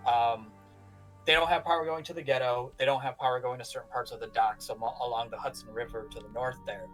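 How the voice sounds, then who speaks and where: Guy game-mastering a tabletop horror game, halting and rambly, mid pitch, faint music in back. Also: steady tone, fairly bright tone, low-quality recording. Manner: halting, full of fillers and restarts while describing.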